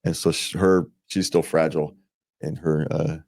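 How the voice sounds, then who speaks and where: A man's voice: extremely low pitch, level tone, moderate pace, a little mellow. A man co-hosting a relationship advice show, talking casually, rambling with restarts and frequent chuckles. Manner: rambling, restarts and repeats words, chuckles often.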